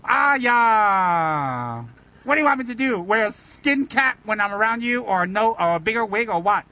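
High, bright-voiced playful Buddhist teacher. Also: male voice, big pitch swings, normal speed, rough recording. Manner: playful, teasing, rhetorical questions. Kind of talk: Dharma talk.

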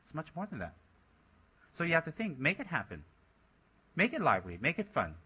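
A middle-aged man with a bright, forceful voice delivers a dharma talk to his center's members. He scolds and urges them on, and slips into mocking voices to parody their excuses. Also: a little high, wildly swooping pitch, brisk, slightly rough. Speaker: Buddhist teacher.

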